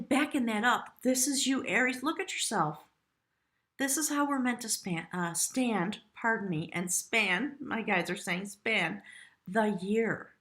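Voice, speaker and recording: A woman's voice: mid-range voice, a bit bright. Chatty woman reading tarot. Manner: chatty and earnest, rambling with restarts. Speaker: tarot reader. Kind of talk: casual tarot reading to camera.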